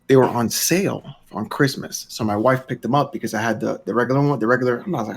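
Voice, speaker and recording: A man's voice: medium pitch, breathy edge. Male co-host, playful teaser, earbud mic. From Florida, US. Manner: teasing, drawn-out delivery. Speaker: podcast co-host. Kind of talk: casual gaming podcast chat. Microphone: wireless earbuds.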